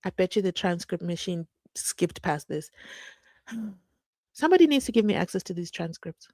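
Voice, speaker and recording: A woman's voice: on the low side, animated, normal speed, darkish tone, dry recording. A woman recapping a court case with indignant, sarcastic commentary that swings between whispers and outbursts. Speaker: true crime commentator.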